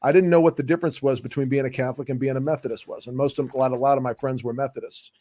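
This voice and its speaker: A man's voice: mid-range voice, fairly even intonation, racing, dark tone. A man with a Texan accent co-hosting a podcast, earnestly telling a personal story in casual chat. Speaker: podcast co-host.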